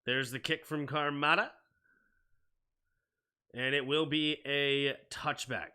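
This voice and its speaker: A young man hosting a live sports stream, mixing casual chat with excitable football play-by-play that climbs to shouting on big plays. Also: a little high, slow pace, smooth.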